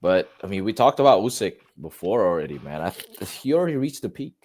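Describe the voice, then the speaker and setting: Deep-voiced man chatting about boxing. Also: fast talker. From Philippines. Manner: relaxed, rambling fan analysis with filler words. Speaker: boxing podcast co-host. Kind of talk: casual chat.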